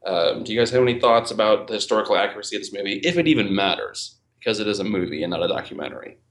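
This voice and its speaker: A man's voice: lowish voice, lively intonation, racing, a bit bright. A man hosting a casual podcast film discussion, thoughtful and hesitant, with many fillers. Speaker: podcast host and film reviewer.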